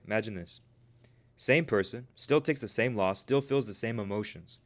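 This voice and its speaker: Lowish-voiced man coaching traders live. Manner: addresses viewers as "you guys" and "bro", repeats "right?"; emphatic, preachy motivational delivery. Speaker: trading coach streaming live. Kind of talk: live-stream talk answering chat.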